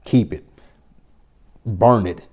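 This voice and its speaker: A man giving a casual, animated spoken recap of a TV episode, swearing freely and acting out his own reactions. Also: fairly low pitch, drawn-out words, muffled recording. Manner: animated, profane storytelling with quoted reactions. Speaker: TV recap reviewer.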